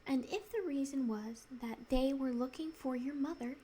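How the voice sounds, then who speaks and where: A woman's voice: high voice, moderate pace, warm tone, slight background noise, close to an everyday voice. A woman voicing a sulky, upset young boy who sounds miserable and wound-up, in whispered role-play.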